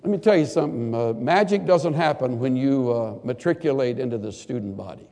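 An older man preaches a sermon with a gravelly edge to his voice. He shifts between animated outbursts and hushed, earnest passages. A long reverb hangs on his words in a large hall. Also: mid-range voice, brisk. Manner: expressive preaching, loud bursts, quiet earnest asides.

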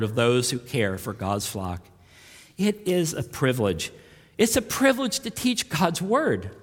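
Male pastor, sermon, earnest, swells and softens, slightly high voice, echoing hall. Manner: earnest preaching, swells louder on key lines then drops soft.

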